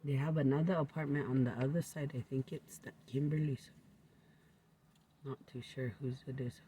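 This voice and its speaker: A man's voice: medium pitch, fairly even intonation, normal speed, warm tone, slight background noise. A man rambling into a home recording, drifting from topic to topic and often sinking to a near-whisper.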